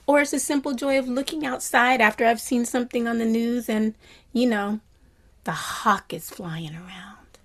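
Gentle woman giving a dharma talk. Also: fairly high pitch, normal speed. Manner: gentle, reflective, often drops to a soft whisper; animated bursts of delight. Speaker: meditation teacher.

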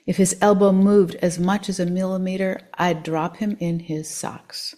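A woman reading a first-person story aloud in an expressive, measured way. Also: on the low side.

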